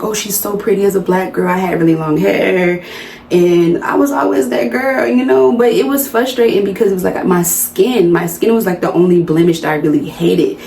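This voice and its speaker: A woman's voice: mid-range voice, creaky, dark tone, a little hiss or hum. A woman, chatting playfully and straight to her viewers in a casual vlog. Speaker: vlogger. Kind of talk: casual chit-chat vlog. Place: indoors under hot lights. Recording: roomy indoor sound with faint music.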